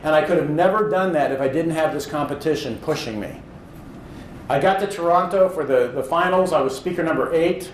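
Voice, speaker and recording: A man who speaks professionally tells a motivational story about his own career in an earnest, animated way, now and then acting out his own thoughts. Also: on the high side, fairly quick, echoey room, a little hiss or hum, low-quality recording.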